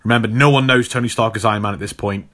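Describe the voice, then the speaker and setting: A man's voice: on the low side, fairly even intonation, racing, fairly bright tone. A man hosting a casual chat, retelling a comic book story in a rambling way with many fillers.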